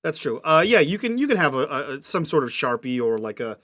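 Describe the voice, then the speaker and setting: A man's voice: fairly high pitch, very animated, brisk, a bit bright. A man narrating a tabletop game as game master, describing scenes patiently and checking what the players mean.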